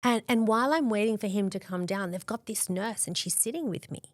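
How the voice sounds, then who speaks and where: A woman's voice: mid-range voice, brisk, dry recording. An Australian woman in her forties, a podcast guest telling her story candidly and acting out the dialogue she quotes. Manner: animated, acts out quoted dialogue, frequent "like".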